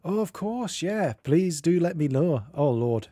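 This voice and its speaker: A man's voice: fairly high pitch, sing-song, measured pace, warm tone, no echo, clean studio sound. A man from Northamptonshire with an English accent, streaming and chatting casually with a rambling, self-interrupting manner. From Northamptonshire, England. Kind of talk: casual chat.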